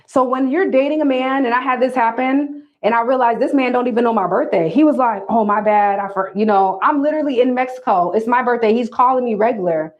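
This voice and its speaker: A fairly high-voiced woman talks straight to her livestream viewers, calling them y'all. Her delivery is emphatic and preachy. The sound is a bit dull and lo-fi. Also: fast, hardly any pauses. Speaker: livestream host giving dating advice. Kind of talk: casual livestream talk to viewers.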